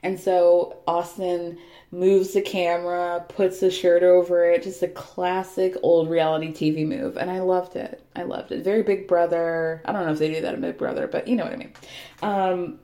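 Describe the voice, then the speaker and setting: A woman's voice: on the low side, flat delivery, moderate pace, dark tone. Chatty sarcastic woman in an echoey room. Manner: chatty, sarcastic, laughs often, acts out quotes. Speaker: podcast host recapping a reality show. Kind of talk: casual chat.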